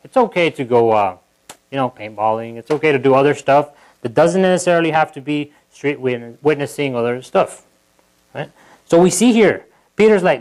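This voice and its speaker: Preaching at a moderate pace, this somewhat high-voiced pastor talks informally to his congregation, and the audio quality is poor. Sentences get restarted, asides are frequent, and quoted lines are performed with extra animation.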